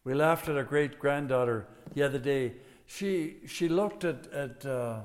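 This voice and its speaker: A man's voice: on the high side, a little slow, few pauses. An older man preaching as a pastor, folksy and emphatic, with a closing blessing. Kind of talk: sermon. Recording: long hall reverb.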